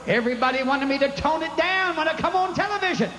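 A man preaching a fiery revival sermon, telling a folksy story and shouting at times, recorded live in a big tent. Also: very high voice, animated, fast, background noise. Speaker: evangelist preacher. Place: large revival tent with congregation. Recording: tent revival with long echo and crowd.

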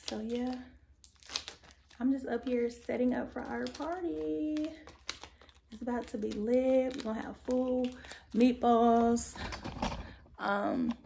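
A young woman vlogger decorates at home while chatting playfully to her viewers, speaking straight to them and sometimes dropping to a whisper. Her voice is a little high, warm and creaky, with fairly even intonation, a slow pace and long pauses. The home recording is noisy.

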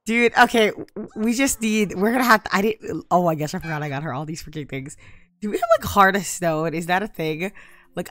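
A young woman giving casual gameplay commentary, exasperated and prone to loud outbursts. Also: fairly low pitch, no echo, studio quality. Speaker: gaming YouTuber.

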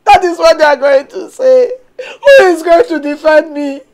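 A woman's voice: high voice, very animated, moderate pace, darkish tone. A wailing, heartbroken mother. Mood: despairing. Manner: wailing and despairing. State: crying. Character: grieving middle-aged Nigerian mother. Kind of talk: Nollywood film acting.

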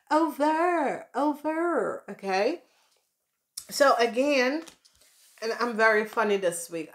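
A woman's voice: mid-range voice, fairly bright tone. A woman doing a casual tarot reading for her viewers, chatty and playful, rambling with fillers and calling them by pet names. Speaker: tarot reader.

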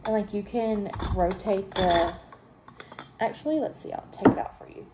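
A young woman, gushing excitedly about a product she shows at home, with many fillers and restarts. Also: medium pitch, moderate pace. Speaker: home sales consultant showing a product. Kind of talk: casual product show-and-tell. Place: home room, indoors. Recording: clear home noise behind.

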